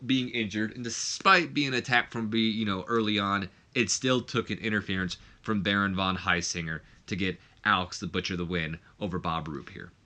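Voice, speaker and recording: Man, let's play host, bright tense voice, rambling casual commentary. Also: lowish voice. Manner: rambling, self-correcting.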